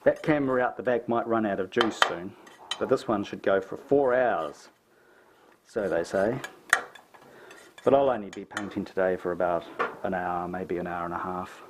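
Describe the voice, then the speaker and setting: A middle-aged man with a New Zealand accent, chatting and thinking aloud as he paints a landscape, self-mocking and relaxed. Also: low-pitched, moderate pace, heavy background noise. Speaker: painting tutor. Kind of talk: casual painting tutorial.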